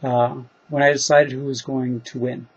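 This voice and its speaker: A man's voice: medium pitch, flat delivery, moderate pace, slightly rough. A man who writes fiction, answering reader questions in a casual, rambling monologue, thinking aloud and poking fun at himself. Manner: rambling, self-deprecating, thinks aloud with fillers. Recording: dull lo-fi recording.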